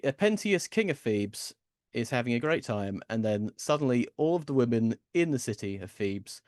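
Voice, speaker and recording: A man's voice: medium pitch, no echo, clean studio sound. A man giving a casual, rambling seminar lecture, with frequent ums and restarts.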